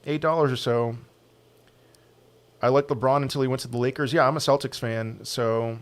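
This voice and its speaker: Host type: blunt American guy, rapid-fire Q&A answers, mid-pitch, gets animated on sports. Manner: blunt, quick opinions, animated and louder on sports. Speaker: crypto channel host answering viewer questions. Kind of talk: casual live Q&A.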